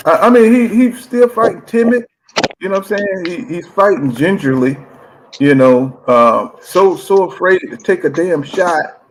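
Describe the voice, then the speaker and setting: A man's voice: high voice, lively intonation, normal speed, noisy background. A man hosting a casual boxing chat show, talking in slang, often saying "you know what I'm saying" and reading out viewer comments.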